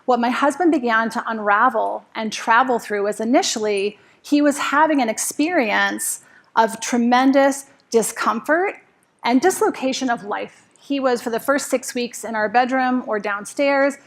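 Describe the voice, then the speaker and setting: A woman's voice: fairly high pitch, moderate pace. A middle-aged woman giving a talk to a live audience, telling a personal story, asking the audience questions and acting out her own anxious inner voice.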